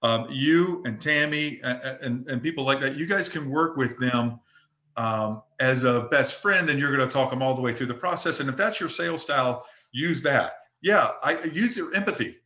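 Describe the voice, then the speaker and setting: A man leads an open forum for real estate agents and coaches them in an emphatic, looping way, with many restarts. His voice is bright and forceful. The recording has a noticeable roomy echo. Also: mid-range voice, normal speed, lo-fi sound. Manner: emphatic, repetitive, frequent restarts.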